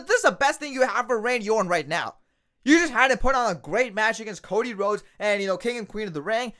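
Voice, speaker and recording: A man's voice: extremely high pitch, fairly bright tone. A man reviewing a wrestling show in a ranting video, exasperated, firing off repetitive rhetorical questions.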